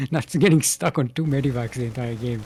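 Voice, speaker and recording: A man's voice: mid-range voice, moderate pace, dark tone, breathy edge. A man commentating a live strategy game match in a casual, playful way, often laughing and joking between play calls. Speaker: esports caster.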